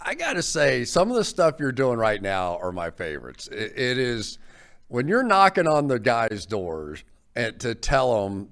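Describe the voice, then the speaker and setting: A man's voice: fairly low pitch, fairly bright tone. A man hosting an interview, chatty and admiring as he sets up questions for his guest. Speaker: show host, interviewer. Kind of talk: casual interview.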